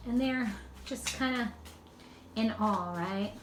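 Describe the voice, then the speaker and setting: A woman's voice: on the high side, takes it slowly. Woman giving a rambling tarot reading. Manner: rambling, loose and spiritual. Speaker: tarot reader. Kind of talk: casual tarot card reading. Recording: echoey room with faint background noise.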